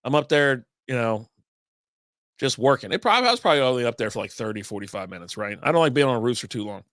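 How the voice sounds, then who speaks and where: A man's voice: mid-range voice, animated, quick pace, fairly bright tone, no echo, studio quality. A man hosting a casual podcast, rambling through long stories with lots of asides and fillers. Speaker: podcast host. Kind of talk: casual beer podcast monologue.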